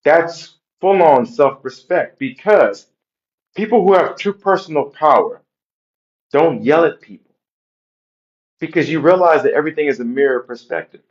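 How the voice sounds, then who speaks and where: A man's voice: on the high side, moderate pace, pauses often, distant mic, lo-fi sound. Blunt, preachy male wellness coach, recorded off-mic in an echoey room. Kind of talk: motivational monologue. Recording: roomy, from off the mic.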